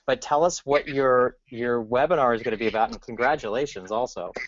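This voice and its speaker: A man's voice: medium pitch, a little fast. Hypey man hosting a webinar on a lo-fi line. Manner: upbeat, hypey, stammers on repeated words. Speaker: webinar host and coach. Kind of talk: casual live webinar hosting. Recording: dull lo-fi online call audio.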